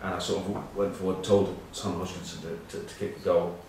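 A man in his forties from England, who used to captain a rugby side, presents a web news piece in a low, level, slightly mellow voice at a bit of a fast clip. His casual monologue meanders with dry self-mockery and frequent ums and uhs. The room is very echoey, the mic distant, and there's faint noise in the background.

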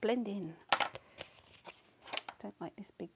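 A woman with a mid-range, creaky voice talks slowly over a very noisy recording. She hosts a live watercolour demo on her channel, chatting and poking fun at herself as she paints. She thinks aloud, often trails off, and answers viewer comments.

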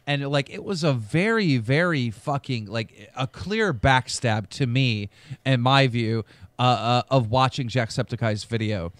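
A man's voice: medium pitch, expressive, unhurried, no echo. A male podcast host arguing heatedly in a debate, combative and profane, repeating his points insistently.

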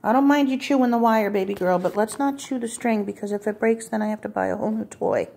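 Cooing woman with a gravelly, husky voice. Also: mid-range voice, sing-song, fast talker, darkish tone. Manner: coos and baby-talks, sometimes dropping to whispers. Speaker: cat sitter. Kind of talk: talking to a cat while filming. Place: client's home, indoors. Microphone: phone camera pointed at the floor.

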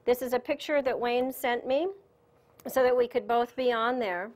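A woman giving a spiritual lecture at a conference, telling a personal story in a chatty, animated way and laughing often. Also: on the high side, moderate pace. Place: conference room.

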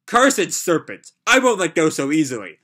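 Man reading out a boastful young knight, stubborn and grandiose, higher-pitched voice, lively swooping delivery, bright tone, comic read-aloud. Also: moderate pace, full character voice. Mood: defiant.

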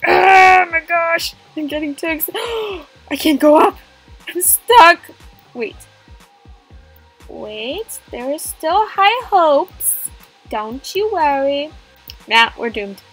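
A woman giving playful, excitable commentary while playing a game, gasping and joking as she goes. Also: extremely high pitch, takes it slowly, pauses often, soft background music. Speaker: gamer.

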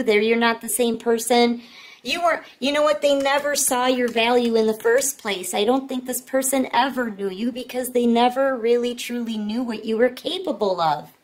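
A woman giving a casual tarot reading, talking straight to the viewer in an earnest, repetitive way. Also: fairly high pitch. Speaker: tarot reader.

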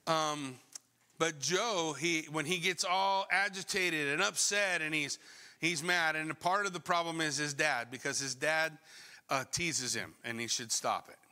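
Middle-aged guy preaching, high-pitched and animated, lots of questions to the crowd, big echoey church. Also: a little slow. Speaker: pastor. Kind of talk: sermon. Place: church sanctuary. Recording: long church hall reverb.

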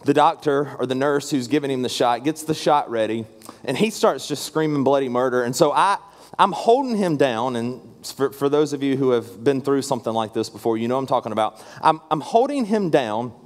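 A man's voice: mid-range voice, expressive, a little fast. A man in his thirties preaching a storytelling sermon as a guest pastor, earnest and conversational, often restarting his sentences. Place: church sanctuary. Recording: long reverb from a large hall.

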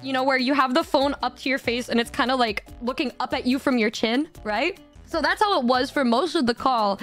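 Woman streamer in her 20s, high bright voice, giggly, swears a lot, stumbles over words, soft music under her. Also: brisk. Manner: giggly, swears freely, stammers and repeats words. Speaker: vtuber streamer. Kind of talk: casual storytelling chat.

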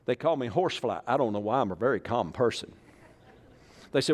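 Speaking a bit fast and with real animation, a mid-voiced pastor from Arkansas preaches in a church sanctuary. His style is folksy and humorous, calling on listeners to repeat lines back, all in an echoey hall.

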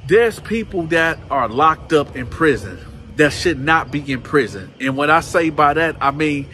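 Animated storytelling man, slightly high voice. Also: measured pace, a little hiss or hum. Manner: animated, acts out other people's voices. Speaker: channel host telling prison stories. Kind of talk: casual storytelling to camera.

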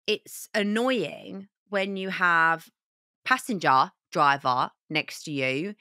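A young woman co-hosting a podcast, animated and exclaiming, acting out other people's lines in a high voice. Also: takes it slowly, dry recording, clean studio sound. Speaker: podcast co-host. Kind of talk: casual chat.

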